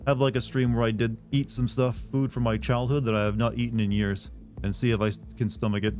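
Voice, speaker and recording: A man's voice: mid-range voice, little pitch movement, fast talker, darkish tone, faint music behind. Sarcastic joking male streamer. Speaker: live streamer. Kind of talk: casual live-stream chat with viewers.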